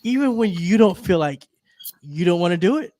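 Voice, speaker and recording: A man's voice: sits high, expressive, normal speed, darkish tone, no room sound. A man hosting a casual podcast interview, supportive and talking with fillers.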